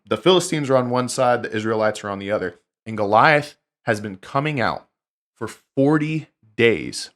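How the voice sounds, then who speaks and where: A man hosting a show and giving a casual Bible teaching, talking conversationally with frequent restarts and asides. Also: mid-range voice. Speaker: host.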